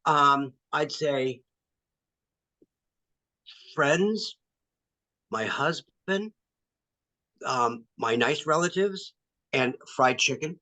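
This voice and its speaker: A male actor as interview guest, talking candidly and pausing often with ums. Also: on the high side, expressive, sharp tone, dry recording, poor audio. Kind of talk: casual interview.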